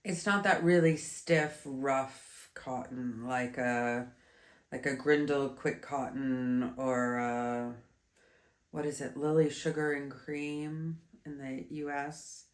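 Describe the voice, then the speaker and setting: A woman's voice: extremely low pitch, fairly even intonation, slow pace. A woman in her thirties, a bit stuffy, chatting casually through a yarn review with many fillers and restarts. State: stuffy, congested. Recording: roomy echo.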